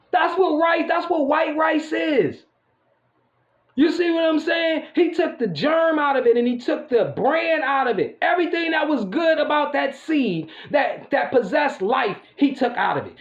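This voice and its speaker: On lo-fi audio, a channel host with a high-sitting voice talks casually to his viewers on camera. His monologue is an emphatic, profanity-laced rant packed with fillers like "you know."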